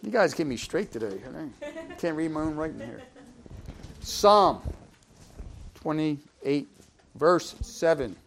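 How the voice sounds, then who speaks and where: A man's voice: fairly high pitch, big pitch swings, takes it slowly, gravelly, long pauses, noisy background. Casual, folksy male preacher. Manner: conversational, folksy, fillers, asks congregation questions; loudness swings from emphatic to quiet asides. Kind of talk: informal sermon.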